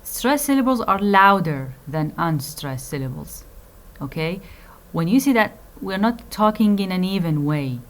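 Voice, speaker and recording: An Arabic-speaking woman lecturer, low-voiced, teaches a phonetics class in this recorded lecture. She goes slowly, uses many fillers, repeats phrases, and adds asides in Arabic.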